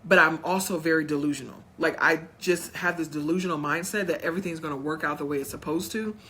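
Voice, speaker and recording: A woman's voice: low voice, quick pace, bright, forceful tone, a little hiss or hum. A woman chatting straight to her viewers at home, telling a personal story and acting out what others said. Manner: acts out others' voices in quotes. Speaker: vlogger. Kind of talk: casual storytime vlog.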